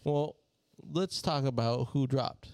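A man's voice: mid-range voice, takes it slowly, darkish tone, no room sound. A man tosses in brief wry remarks during casual podcast chat. His voice sits in a middle range. The recording is dry and close.

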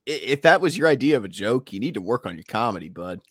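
Teasing man with a lively voice. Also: medium pitch, husky, no room sound, studio quality. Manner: joking, teasing, quick jabs. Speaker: podcast co-host. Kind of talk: casual group chat.

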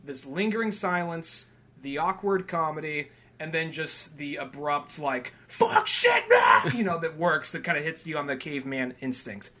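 A young man hosting a podcast talks through a comedy film in a loose, rambling way, full of fillers. His voice sits a little high and sounds bright. He breaks into loud acted-out quotes now and then. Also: moderate pace, hardly any pauses. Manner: rambling, many fillers, acts out quotes loudly. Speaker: podcast host. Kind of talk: casual film review chat.

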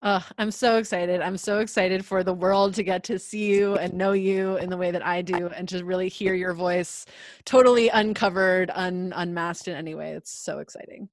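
A woman hosting a podcast in casual conversation. She is gushing and affirming, and her voice sits on the low side. The recording is dry and close, with no room echo. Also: fairly even intonation, moderate pace. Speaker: podcast host.

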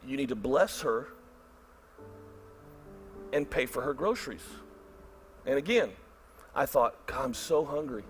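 A middle-aged pastor tells a story in his sermon and acts out his inner thoughts with lively energy. His voice sits high for a man. He jumps between quiet asides and loud bursts. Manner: animated, acts out his own inner voice loudly.

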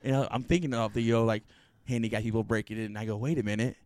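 A man's voice: on the low side, steady tone, rapid-fire, darkish tone, no room sound. A man hosting a casual podcast chat, telling rambling stories and laughing often. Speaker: podcast host.

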